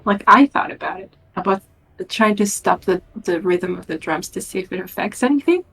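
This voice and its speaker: A woman's voice: mid-range voice, lively intonation, fairly quick, a bit bright, husky, low-quality recording. A young woman playing a tabletop game, tentative, with giggly asides. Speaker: player. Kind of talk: casual tabletop play.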